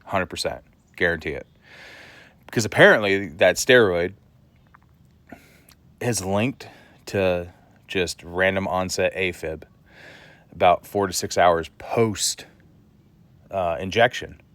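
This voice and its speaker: A man's voice: deep voice, slow, long pauses, fairly bright tone, no echo. A man vlogging to the camera, telling a story in a blunt, casual way and swearing freely.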